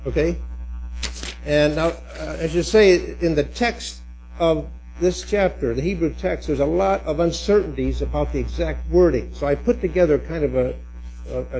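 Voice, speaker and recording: A man teaches a Bible study group in a church hall or classroom, explaining and then directing the class as they prepare to read aloud. His voice sits a little high for a man, and faint music plays in the background. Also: dark tone. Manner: instructive, directing the group, with restarts and fillers.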